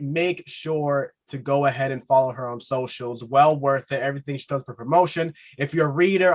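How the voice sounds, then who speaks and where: A man hosting a casual podcast interview, enthusiastic and quick to laugh, often repeating himself. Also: on the high side. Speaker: podcast host.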